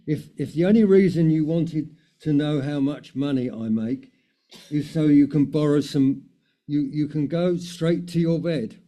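A man's voice: medium pitch, animated, moderate pace, warm tone, lightly acted. A man voicing an overworked businessman father in a told story, read in a firm tone. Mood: stern. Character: tired businessman father, stern then gentle.

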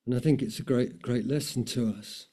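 Preacher, chatty sermon, very dark mellow voice, repeats himself. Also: male voice, mid-range voice, fairly even intonation, moderate pace, breathy edge. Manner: warm, conversational, with many fillers and repetitions.

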